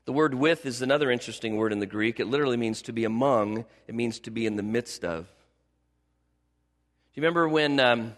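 Male pastor, mid-pitched, conversational sermon with emphatic repetition, long hall reverb. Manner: conversational, emphatic repetition, asks the congregation questions.

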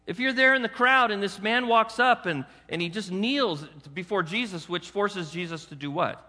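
A male pastor delivering a sermon, animated and coaxing his congregation with rhetorical questions. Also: sits high, moderate pace, big-room sound.

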